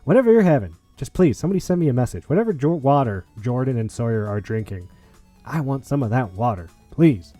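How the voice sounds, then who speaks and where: Guy hosting a game podcast, mellow voice, jokey and hyped, real dry sound. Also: medium pitch, quick pace, no echo, faint music behind. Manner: excitable, jokey, trailing restarts. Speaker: podcast host. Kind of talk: casual podcast chat and wrap-up.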